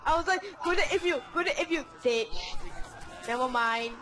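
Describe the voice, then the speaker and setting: Shrieky high-pitched gamer woman. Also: normal speed, soft background music, rough recording. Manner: excitable, shrieking and giggling. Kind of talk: casual gaming chat.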